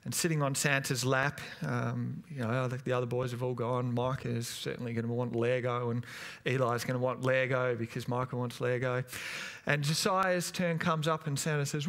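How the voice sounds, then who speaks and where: A man in his thirties preaches a sermon in a church, in a voice of middling pitch. He tells stories in a loose, chatty way, pausing on fillers and restarting sentences. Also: steady tone, fairly bright tone. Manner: chatty, anecdotal, hesitant with many fillers. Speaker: pastor.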